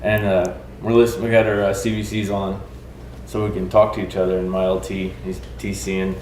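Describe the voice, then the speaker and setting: A man's voice: low-pitched, flat delivery, a little fast, a little mellow. A man from Texas, a veteran guest, telling a war story in a joking, casual way and acting out what people said. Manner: joking, acts out quotes. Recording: echoey room, faint noise.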